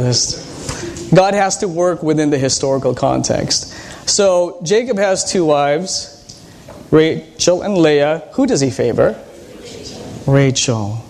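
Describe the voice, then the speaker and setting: A man's voice: medium pitch, vocal fry, darkish tone, slight background noise. A man, a pastor, preaching a sermon in a teacherly way, quizzing the congregation and retelling Bible stories with animation.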